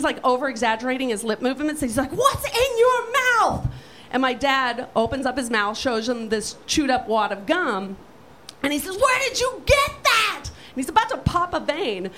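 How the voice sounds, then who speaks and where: A woman telling a profane, animated comic story on stage, brash and lively. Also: sits high, slight background noise, rough recording. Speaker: storyteller guest.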